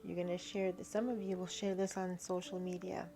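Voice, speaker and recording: A woman giving a spiritual tarot reading to her viewers. She talks haltingly, repeats herself and often checks in with "right?". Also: fairly low pitch, flat delivery, over music. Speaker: tarot reader.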